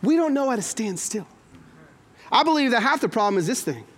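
A man's voice: very high-pitched, fairly quick. A man in his forties preaching a sermon as a pastor, telling stories with acted-out quotes. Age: 40s. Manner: animated storytelling with acted-out quotes.

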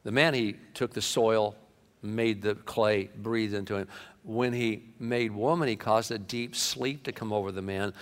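Animated preacher man in echoing hall. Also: lowish voice, measured pace. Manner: animated, acts out comic voices and quotes. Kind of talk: sermon. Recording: long hall reverb.

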